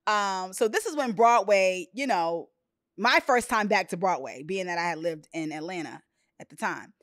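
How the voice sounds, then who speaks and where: A woman hosting a podcast, chatting casually and telling personal stories with expressive, quoted voices. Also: mid-range voice, normal speed, no echo, clean studio sound. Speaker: podcast host. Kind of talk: casual chat.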